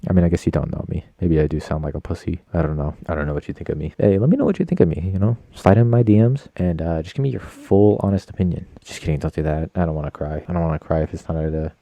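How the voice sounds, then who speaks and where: Gravelly low-voiced young man ranting. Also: fast talker, hardly any pauses, warm tone, dry recording. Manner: rambling, crude and self-mocking. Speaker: podcast host. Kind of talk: casual solo podcast monologue.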